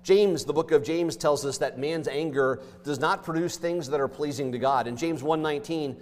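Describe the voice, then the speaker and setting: A male pastor with a fairly high voice delivers an emphatic sermon, swinging from forceful stresses to quiet asides. His voice rings through a church hall with a long reverb tail. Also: moderate pace. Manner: emphatic preaching, swinging between loud and hushed.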